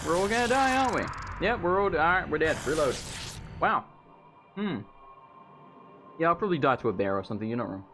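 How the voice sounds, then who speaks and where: With a slightly high, expressive voice, this let's play commentator speaks briskly but leaves long pauses. He chats loosely over his gameplay, swearing and eating, while faint game music and a noisy background fill the clip.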